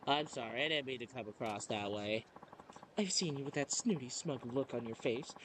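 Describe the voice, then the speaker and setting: A man's voice: medium pitch, moderate pace, a little hiss or hum, close to an everyday voice. A man reading a game aloud, voicing a polite, timid teenage girl who apologizes and hesitates. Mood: apologetic. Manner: apologetic, soft-spoken, hesitant.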